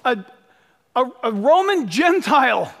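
High-pitched, lively preacher in a big hall. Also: male voice, measured pace, vocal fry. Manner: emphatic, urges listeners to write things down; repeats phrases for stress. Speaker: pastor. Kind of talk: sermon. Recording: long hall reverb.

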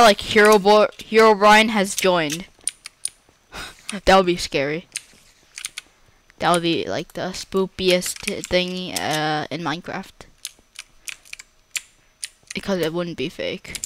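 With slight background noise, a woman with a mid-range, fairly bright voice provides chatty commentary on her Minecraft let's-play. Her talk is punctuated by dramatic squeals and panicked cries she repeats.

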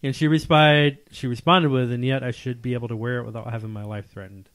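A man's voice: medium pitch, steady tone, quick pace, a bit bright. A man with an ordinary mid-range voice recounts a story on a podcast in a casual, conversational way, then turns it over to his co-host for his take. His delivery is plain and easygoing. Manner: storytelling, asks for feedback. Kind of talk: casual chat, reading a story aloud.

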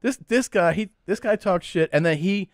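A man's voice: sits high, normal speed, dry recording, clean studio sound. A man hosting a casual podcast, eagerly jumping in with questions. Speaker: podcast host.

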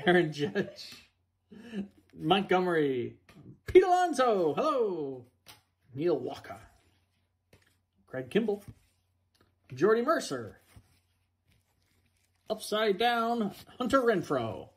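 A man's voice: sits high, wildly swooping pitch. A man reading out player names during a card box break, with playful asides. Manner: slow, singsong name-calling with playful asides.

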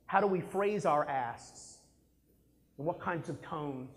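A man giving a live sales talk to an audience, animated, asking the room questions and acting out examples. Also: a little high, slow pace.

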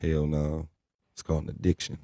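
A man's voice: extremely low pitch, completely flat delivery, a little fast, mellow, dry recording. A young man co-hosting a casual live stream, talking bluntly and with lots of profanity, lecturing his viewers. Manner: blunt, profane, preachy pep talk. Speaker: livestream co-host.

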